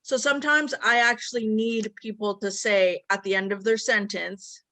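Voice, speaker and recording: A woman's voice: medium pitch, steady tone, moderate pace, pushed and bright, dry recording. A woman hosting a casual conversation, earnestly explaining at length with quoted examples. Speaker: host.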